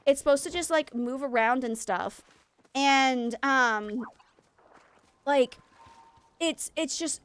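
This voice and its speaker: A woman streamer chatting casually with her viewers while she plays a game. She is a mother and a former teacher, and she talks in an animated, rambling way with lots of fillers. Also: a little high, smooth.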